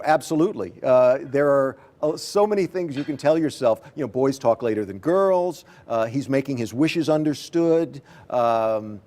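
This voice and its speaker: A man's voice: mid-range voice, warm tone. Hesitant middle-aged man, author guest. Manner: halting, many fillers and restarts. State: choking up with emotion. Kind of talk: TV interview.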